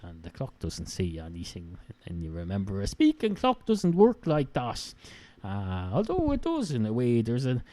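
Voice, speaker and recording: Rambling Irish man, lively pitch. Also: moderate pace, no room sound. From Ireland. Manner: meandering, sardonic, many "uh" fillers. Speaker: podcast host. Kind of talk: rambling solo monologue.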